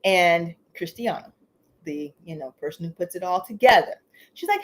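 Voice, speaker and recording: A woman hosting a casual live stream, talking in an animated, chatty way, laughing often and tagging lines with "you know" and "okay?". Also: medium pitch, normal speed. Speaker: livestream host. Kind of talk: casual livestream chat.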